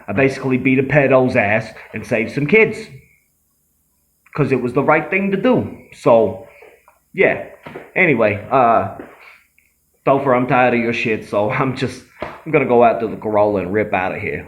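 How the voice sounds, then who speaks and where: A man's voice: medium pitch, close to an everyday voice. A man voicing a brash, boastful young tough guy who rambles, swears and brags in a comedy sketch. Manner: cocky, rambling, swearing, self-aggrandizing.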